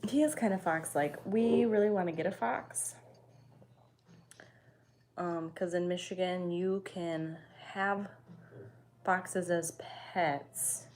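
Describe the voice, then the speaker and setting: A woman's voice: fairly low pitch, takes it slowly, pauses often, a little mellow. Chatty young woman, swears freely. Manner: chatty, swears freely, answers chat comments. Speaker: live streamer chatting with viewers. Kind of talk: casual chat.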